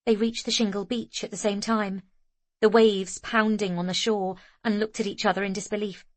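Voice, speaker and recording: A woman narrating an audiobook in a steady, measured read, her voice in a middle register. The recording is close and dry, with no room sound. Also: medium pitch, dry recording. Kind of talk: scripted narration.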